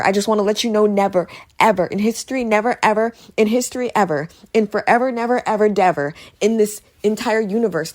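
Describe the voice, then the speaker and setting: A woman giving a casual, sarcastic movie review, ranting and repeating herself for emphasis. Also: mid-range voice.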